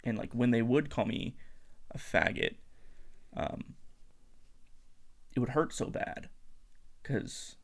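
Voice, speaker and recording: A man talks in a soft, searching way, pausing and restarting as he reflects. He is a guest in a relaxed podcast chat, with a plain mid-range voice. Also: mid-range voice, gravelly. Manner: hesitant, reflective, many fillers. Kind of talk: casual podcast conversation.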